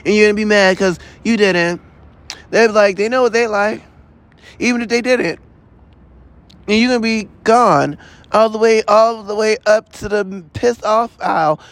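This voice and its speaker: A man's voice: high voice, normal speed, fairly bright tone. A man hosting a solo podcast, talking in a loose, profane, exasperated rant full of asides. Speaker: podcast host. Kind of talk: rambling solo podcast monologue.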